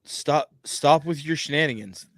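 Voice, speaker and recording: A man's voice: fairly high pitch, unhurried, a bit bright, dry recording, studio quality. A man hosting a podcast in casual chat, teasing his co-hosts with playful banter. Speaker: podcast host.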